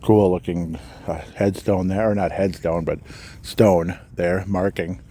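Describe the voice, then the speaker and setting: A man hosting a podcast, walking outdoors through a cemetery and musing aloud with pauses, slightly out of breath. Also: low voice, fairly even intonation, warm tone, a little hiss or hum. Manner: musing, halting, reads out names and dates. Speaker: podcast host. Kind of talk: walking tour commentary.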